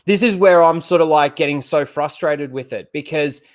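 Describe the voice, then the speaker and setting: A man with a slightly higher voice than most, chatting casually on a podcast. He talks emphatically and vents his frustrations, dropping the odd swear word. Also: normal speed. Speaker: podcast co-host. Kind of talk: casual chat.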